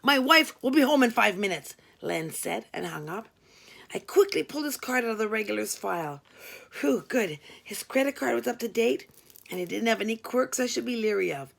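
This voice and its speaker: A woman reading a first-person story aloud, wry and expressive. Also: mid-range voice, normal speed, creaky. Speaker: audiobook reader.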